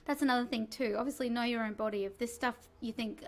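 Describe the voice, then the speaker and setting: A singing teacher leading a relaxed vocal warm-up lesson, chatty and encouraging with self-mocking asides. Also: female voice, a little high, fast, hardly any pauses.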